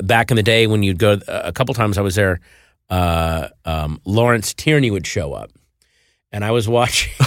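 A man, a guest comedian, telling stories in animated casual chat and acting out gruff quotes. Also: lowish voice, no room sound, studio quality.

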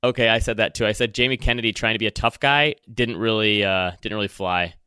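A man's voice: lowish voice, fast, bright, forceful tone, clean tone, no room sound, clean studio sound. A man with a Michigan accent co-hosting a podcast, giving his opinions in casual, chatty talk. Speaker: podcast co-host. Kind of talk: casual chat.

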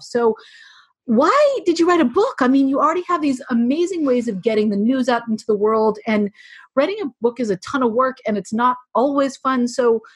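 Gushy woman podcast host, kinda breathy, slightly high voice, playful. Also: no echo. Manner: enthusiastic, gushing, playful. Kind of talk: casual interview talk.

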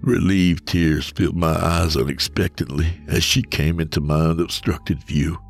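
A man narrating a scripted horror story in a low, steady storytelling voice. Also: moderate pace, vocal fry, faint music behind.

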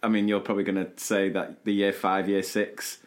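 A man's voice: lowish voice, little pitch movement. A man, co-hosting a podcast and teasingly prompting his friend with questions. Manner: prompting, teasing, quick to laugh. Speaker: podcast co-host. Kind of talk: casual chat.

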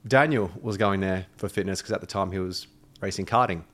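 A man's voice: low voice, a little fast, a bit bright. A man with an Australian accent, chatting casually as a podcast guest, laid-back and joking. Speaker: guest, performance coach. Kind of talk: casual chat.

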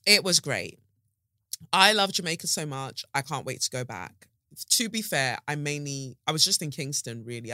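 A young woman hosting her own podcast in rambling, animated, slangy casual chat. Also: deep voice, no room sound, studio quality. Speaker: podcast host. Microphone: studio podcast mic.

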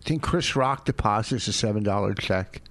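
A man's voice: on the low side, normal speed, fairly bright tone. Rambling, griping comedian man. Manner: rambling, indignant, comic griping. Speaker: comedian podcast co-host. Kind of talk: casual married-couple banter.

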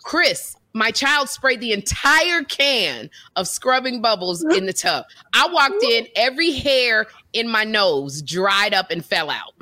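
A woman co-hosting a casual chat who tells animated, exaggerated stories. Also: on the high side, unhurried, few pauses. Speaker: co-host.

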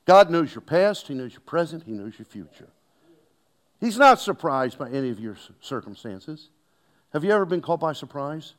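A man preaching a sermon, calling out questions to the congregation and swinging between loud exhortation and hushed, near-whispered lines. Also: fairly high pitch, big pitch swings, moderate pace.

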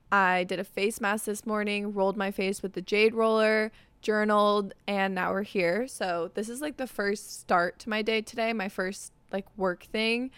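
A young woman hosts a casual solo podcast, chatting in an upbeat way and saying "like" constantly. Her voice is mid-range, a bit bright and smooth, in a dry recording.

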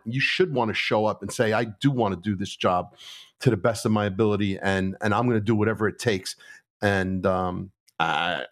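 A man, a retired police officer talking earnestly and with firm opinions. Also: on the low side. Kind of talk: reflective conversation.

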